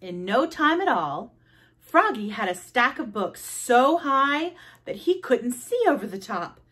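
Slow, animated woman reading aloud. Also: on the high side, husky. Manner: expressive, with sound effects. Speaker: storybook reader. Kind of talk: children's book read-aloud.

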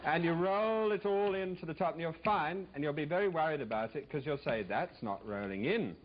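A cooking-show host in a TV studio kitchen, this man talks fairly quickly in a slightly high voice while demonstrating a recipe, rambling and joking with playful asides to the live audience. The background is noisy and the recording has a dull, lo-fi vintage TV quality.

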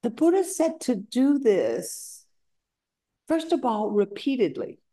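Unhurried woman teaching at a retreat. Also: on the high side, sing-song, dark tone. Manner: unhurried storytelling, acting out quoted voices. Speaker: meditation teacher. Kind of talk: dharma talk. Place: retreat center.

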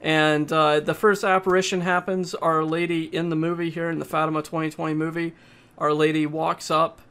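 A man giving a casual, halting spoken movie review, often pausing and restarting his sentences. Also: on the high side, flat delivery, a bit bright, smooth. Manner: plain, halting, with frequent uhs and restarts.

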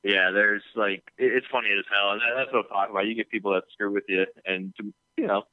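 A man's voice: on the low side, fairly even intonation, fast, no echo. A man co-hosting a podcast in a casual, laid-back chat, swearing freely. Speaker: podcast co-host. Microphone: phone. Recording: tinny phone line.

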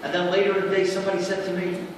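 A man lectures as a rabbi, his voice pitched high. He tells his story with animation and slips into the voices of the people in it. He sounds distant from the mic, caught in the long echo of a big hall with a steady hiss of noise underneath. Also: rapid-fire. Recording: echoey hall recorded from far off with background noise.

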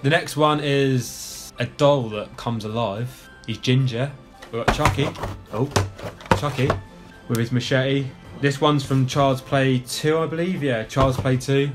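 A man's voice: mid-range voice, fairly even intonation, unhurried, over music. Chatty young man, swearing freely. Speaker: guest showing his collection. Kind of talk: casual show-and-tell chat.

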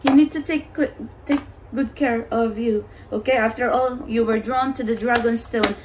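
A woman reads tarot in an earnest, reassuring voice that sits fairly high. She keeps checking in with the listener, slipping in "you know" and "okay". A faint background noise hums under her voice. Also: steady tone, moderate pace. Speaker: tarot card reader. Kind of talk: pick-a-card spiritual reading.

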